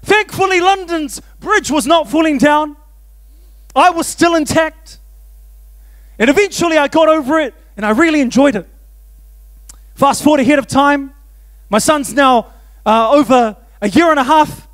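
A pastor tells stories from the pulpit. He has a strikingly high voice for a man. He pokes fun at himself and laughs easily as he talks. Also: normal speed, pauses often. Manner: animated, self-mocking, laughs often. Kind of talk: storytelling sermon.

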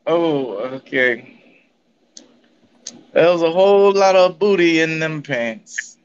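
A flustered man stammers out exclamations over a video call, stretching his words very slowly. His voice is smooth and a little high. The call audio sounds dull and lo-fi. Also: darkish tone. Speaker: friend being pranked. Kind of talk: casual chat.

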